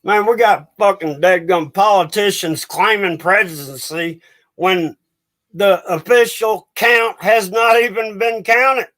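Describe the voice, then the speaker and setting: A man's voice: high voice, takes it slowly, a bit bright. A man hosting a livestream and ranting angrily, swearing and getting agitated as he talks to his viewers. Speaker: livestream host.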